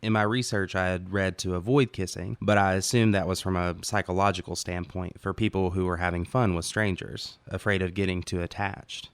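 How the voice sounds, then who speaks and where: Male author-narrator, low and resonant, calm first-person audiobook read, dry studio sound. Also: a little fast, hardly any pauses, smooth, dry recording. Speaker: author reading own story.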